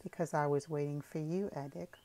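A woman voicing a shy young village woman who speaks quietly and seriously in an audiobook. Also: low-pitched, fairly even intonation, a little fast. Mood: quiet, earnest.

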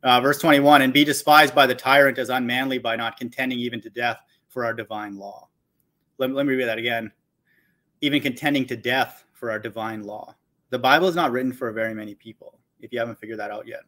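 On his Bible channel, a man reads scripture aloud in a steady, fairly bright mid-range voice at a brisk clip. He mocks listeners with blunt, insulting remarks, dropping "okay" between his points.

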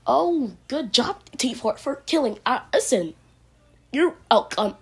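Slow, breathy woman playing around goofily. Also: sits high, animated. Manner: silly, playful, jumps between voices. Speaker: video creator. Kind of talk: goofy improvised play-acting.

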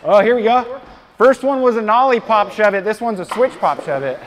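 A man competing in a skateboarding game, talking through his chances and thinking out loud with excitement. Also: sits high, fairly quick, heavy background noise. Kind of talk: excited play-by-play chatter.

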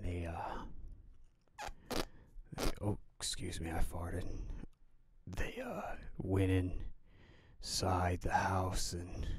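A man's voice: low voice, a little mellow, husky, no echo, studio quality. A man telling a homemade scary story in a casual, rambling way, half-whispering and often stopping on fillers.

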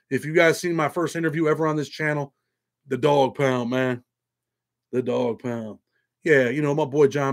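A man's voice: a little high, vocal fry. A man hosting a casual livestream, rambling and profane, reading viewer donations aloud between prison stories. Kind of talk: casual live chat with viewers.

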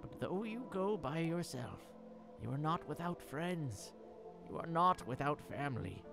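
A tender woman's parting message, as a male streamer puts her on, pitched higher than his own voice and rising and falling with feeling. A gravelly edge creeps in under the words while game music plays behind. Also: exaggerated voice. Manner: warm, wistful and reassuring. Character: gentle woman sending a farewell message.

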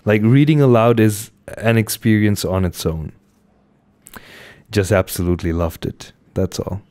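A man reading a classic novel aloud, carefully and unhurried, then chatting casually to listeners. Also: on the low side, steady tone, a little mellow, clear, resonant tone. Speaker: audiobook reader. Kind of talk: amateur audiobook reading and casual sign-off.

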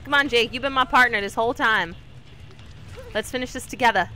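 A woman streamer giving casual commentary while she plays, chatty and talking to her teammates and the killer, with sudden excited yelps. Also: on the high side, fairly quick. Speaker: gaming streamer.

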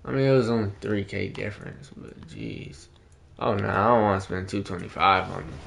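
A man streams a video game with a lowish, gravelly, fairly bright voice, talking a little fast over a slight hiss or hum. He chats casually in slang with his viewers and playfully scolds them.

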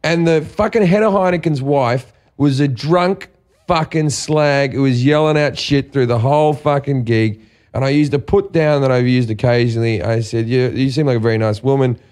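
A man's voice: medium pitch, normal speed, darkish tone. A man with an Australian accent, a comedian co-hosting a podcast, telling blunt, profane jokes in casual banter. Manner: blunt, profane, mock-offended.

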